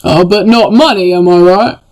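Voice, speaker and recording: A man's voice: high voice, normal speed, a little mellow, lightly acted, rough recording. A game master voicing a boastful, chatty male dwarf miner, folksy and repetitive. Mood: friendly boastful. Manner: eager, folksy, repeats himself.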